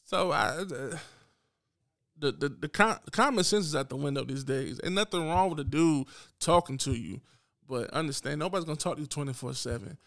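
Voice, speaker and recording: A man's voice: fairly high pitch, lively intonation, normal speed, fairly bright tone, no room sound, clean studio sound. Blunt man ranting on a podcast. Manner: blunt, unapologetic, talks straight to listeners. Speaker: podcast host. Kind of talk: solo podcast rant.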